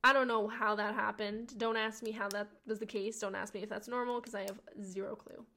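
A young adult woman hosting a podcast, telling a personal story in a chatty, slangy, animated way and swearing now and then. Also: fairly quick. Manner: chatty and animated, slangy, swears, acts out quotes with big pitch jumps. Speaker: podcast host. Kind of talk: casual storytelling monologue.

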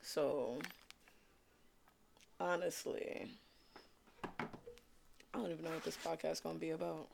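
A man's voice: a little high, steady tone, a little slow, vocal fry, long pauses, background noise. A young man from Brooklyn with a New York accent, hosting his own podcast in a laid-back, slangy, rambling chat. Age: young adult. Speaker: podcast host. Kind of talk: casual solo podcast chat.

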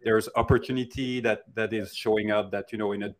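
A man co-hosts an interview, building long questions that circle and restart. His voice sits a little low. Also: steady tone, fairly quick, a little hiss or hum. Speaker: co-host. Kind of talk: interviewing a guest.

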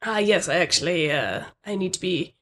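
Fussy hurried manager, put-on British accent, low and hesitant, a woman plays it. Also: expressive, husky. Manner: hesitant, lots of ums, formal.

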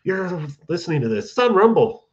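A man's voice: sits high, very animated, a little fast, lo-fi sound. A man hosting a podcast in a laid-back, joking way. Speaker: podcast host. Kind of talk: casual podcast chat.

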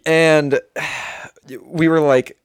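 A young man telling a story in casual chat, animated, swearing freely and often laughing. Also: on the high side, smooth, no echo, clean studio sound.

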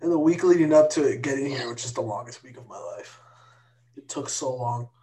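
A young man hosting a casual chat with a friend, telling stories excitably, swearing freely and acting out loud quotes. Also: mid-range voice, brisk, a crowd in the background. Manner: excitable, profane storytelling with loud re-enacted quotes. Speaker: podcast host.

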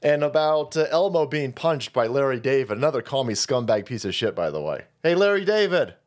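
A man's voice: very animated, fairly quick. A man hosting a political stream, ranting crudely and mocking people as he goes. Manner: crude, mocking, jumps into high mock voices.

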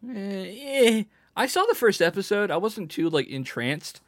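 A man's voice: high voice, very animated, moderate pace, a bit bright, dry recording, studio quality. A young man in his twenties co-hosting a podcast, laid-back and slangy, laughing often. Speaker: podcast co-host. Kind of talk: casual chat.

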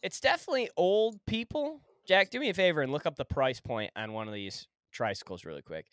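A man co-hosting a podcast, animated and quick to laugh in casual chat. His voice swings widely with a bright, smooth tone. It is recorded dry and close. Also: medium pitch, no room sound. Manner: animated, laughs easily, swears. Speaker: podcast co-host.

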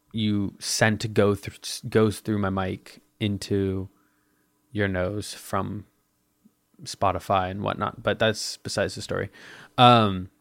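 A man's voice: lowish voice, no room sound. A man hosting his own podcast in a crude, giddy, rambling, self-mocking monologue into his microphone. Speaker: podcast host.

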